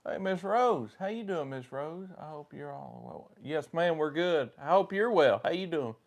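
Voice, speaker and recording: A man's voice: fairly high pitch, animated, normal speed. A man with a Southern US accent co-hosting a paranormal livestream, greeting viewers by name and telling anecdotes in casual chat.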